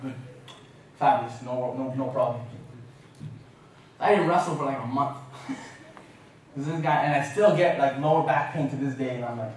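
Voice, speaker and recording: A man giving a university talk, telling an animated, self-mocking story. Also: on the high side, a little hiss or hum. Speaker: guest speaker. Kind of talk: lecture storytelling. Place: university lecture room. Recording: echoey lecture hall from far off.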